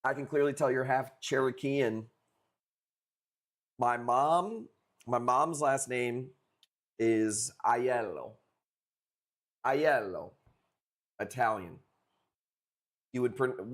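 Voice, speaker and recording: A young man from the Chicago area talks loosely with his viewers while he runs a live coral sale. His speech is relaxed and profane, and his voice sits at an ordinary middle pitch for a man. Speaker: livestream coral seller. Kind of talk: casual livestream chat.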